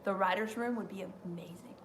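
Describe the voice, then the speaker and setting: A woman's voice: mid-range voice, brisk, slight background noise. A young woman hosting a live stream, rambling casually with lots of fillers and frequent laughter.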